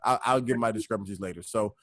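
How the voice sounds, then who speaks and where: A man's voice: fairly low pitch, fast talker, fairly bright tone. A man co-hosting a casual film podcast, rambling and repeating himself, often saying "you know what I'm saying". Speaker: podcast co-host.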